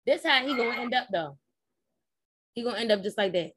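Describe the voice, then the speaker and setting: A woman's voice: fairly high pitch, lively intonation, fairly quick, fairly bright tone, breathy edge, no room sound, studio quality. A young adult woman hosting a casual live podcast recap, talking straight to her listeners in a rambling, blunt and profane way. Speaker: podcast host.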